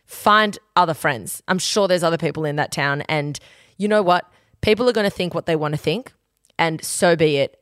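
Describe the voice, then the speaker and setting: A young adult woman hosts a casual advice podcast, talking bluntly and swearing freely. Her voice sits at an ordinary middle pitch. It is recorded close and dry, with no room sound. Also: no room sound. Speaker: podcast host giving advice.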